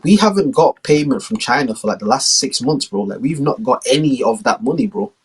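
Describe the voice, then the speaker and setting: A man's voice: medium pitch, animated, a little fast, slightly rough. A man doing a hesitant accountant. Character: nervous male accountant delivering bad news.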